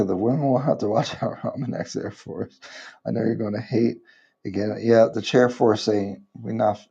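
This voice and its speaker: A man in his thirties from the United States, chatting casually on a livestream and rambling with halting restarts. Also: on the low side, vocal fry, dark tone, breathy edge, muffled recording. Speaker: livestream vlogger.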